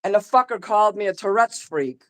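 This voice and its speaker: A man's voice: high voice, lively intonation, a little fast, fairly bright tone, low-quality recording. A man ranting angrily and profanely about a friend, repeating himself and talking over the other person. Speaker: artist ranting on a call-in show. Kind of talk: agitated rambling rant.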